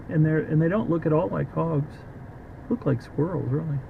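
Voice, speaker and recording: Man, casual walking vlog, slightly high voice, rambling jokey asides, dull lo-fi outdoor audio, faint city noise. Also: unhurried, gravelly. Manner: rambling, joking asides to viewers. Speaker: vlogger, treasure hunter. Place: outdoors by a creek in a city park.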